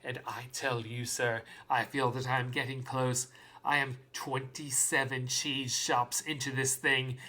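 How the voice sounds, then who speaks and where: Guy streaming, reading stuff super slow and straight-faced, bright sharp tone. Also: mid-range voice. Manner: deliberately deadpan, over-earnest delivery. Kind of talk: cold dramatic reading of excerpts.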